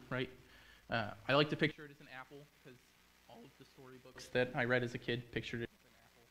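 A man's voice: medium pitch, bright, forceful tone. A man preaching a casual, joking sermon in a church, retelling a story with chatty asides to the congregation. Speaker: pastor.

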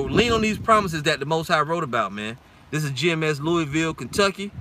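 Fired-up, bright-voiced preacher man. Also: a little high. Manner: heated, blunt and profane, keeps adding "man". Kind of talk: informal sermon with scripture reading.

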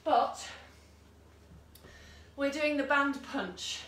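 Speaking very slowly in a high, fairly bright voice, a woman instructor leads an online exercise class. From a room at home with a dog nearby, she gives encouraging cues and countdowns plus chatty asides. The recording is echoey, distant, and faintly noisy.

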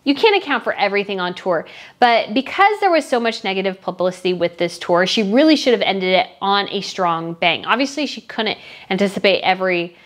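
Woman, casual fashion commentary, chatty, blunt opinions, mid-pitched. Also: lively intonation, fairly quick, fairly bright tone. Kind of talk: casual chat.

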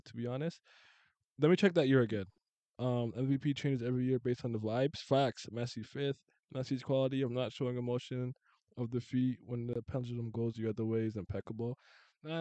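A man hosting a casual sports chat, blunt and animated, swearing freely and restarting his sentences. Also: mid-range voice, no room sound.

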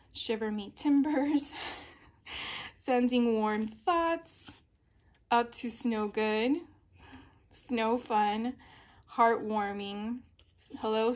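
A woman in a casual craft haul video, reading sticker captions aloud slowly and giggling at the puns. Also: a little high. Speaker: papercraft vlogger.

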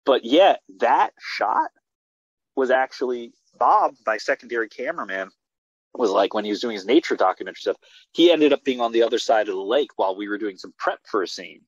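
Man, filmmaker guest, excited rambling with restarts, dull lo-fi video call audio, dry sound. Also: mid-range voice, fairly quick, breathy edge, no echo. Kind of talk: casual interview talk.

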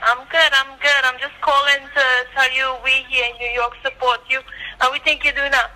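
A woman's voice: high-pitched, little pitch movement, fairly quick, sharp tone, rough recording. A woman calling into a talk show over the phone, cheerful and supportive. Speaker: caller.

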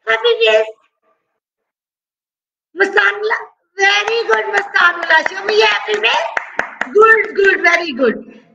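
A woman's voice: extremely high pitch, unhurried, gravelly, pushed and bright, roomy sound, dull audio, a little hiss or hum. A woman teaching an online preschool class, singing and coaxing the children with repeated questions. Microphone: video call.

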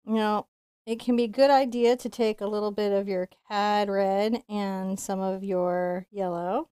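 A woman teaching a live-streamed painting lesson, chatty and playful, going quiet while she concentrates. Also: mid-range voice, fairly even intonation, a little slow, smooth, no room sound, studio quality. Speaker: painting instructor.

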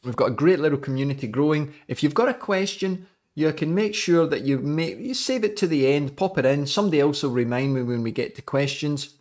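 A man's voice: fairly high pitch, lively intonation, brisk, darkish tone. Jokey Scottish man coaching cyclists. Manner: jokey and chatty. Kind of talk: live podcast coaching talk.

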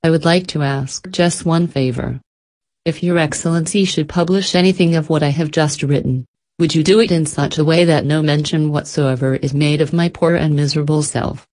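A woman narrating an audiobook in a calm, reverent reading. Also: deep voice, normal speed. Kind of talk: scripted narration.

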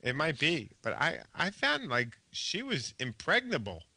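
A man co-hosting a casual late-night chat, animated and joking, swearing casually. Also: a little high, a little slow, gravelly, husky, no room sound. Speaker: co-host.

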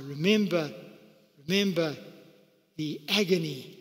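A man's voice: a little slow, pauses often. A man preaching a sermon, dramatically acting out the quoted lines. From South Africa. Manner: animated preaching, acting out quotes with sudden pitch leaps. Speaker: pastor. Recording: church hall with long reverb.

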